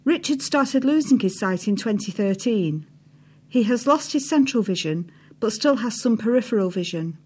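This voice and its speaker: A woman narrating a feature article in a steady read-aloud style, dropping her voice on the speech tags. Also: on the high side, normal speed, breathy edge. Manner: reads quotes with a lift, drops for speech tags. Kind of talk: scripted narration reading quotes aloud.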